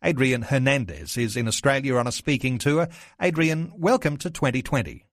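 A man hosting an interview show, introducing his guest and asking questions in a measured, formal way. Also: medium pitch, expressive, no echo, clean studio sound. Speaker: TV show host.

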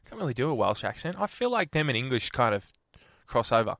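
Australian male radio host, higher bright voice, playful mock outrage, dry close studio sound. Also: fairly quick, dry recording. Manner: playful, animated, mock-indignant. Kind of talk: breakfast radio banter.

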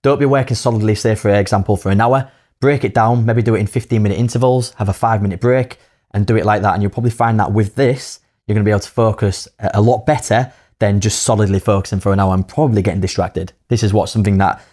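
Low-voiced man with a Hull accent. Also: steady tone, fast talker, a little mellow. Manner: laughs easily, lists points in turn. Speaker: podcast co-host. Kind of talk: casual podcast chat.

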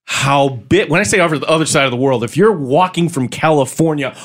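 A man co-hosting a sports radio show, telling stories in a playful, animated way. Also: fairly high pitch, fairly quick. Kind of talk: casual sports radio chat.

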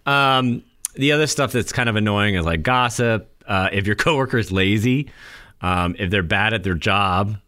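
A middle-aged man co-hosting a casual radio chat, animated, laughing often and acting out quotes. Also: on the low side, moderate pace. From northeastern US. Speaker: radio show co-host.

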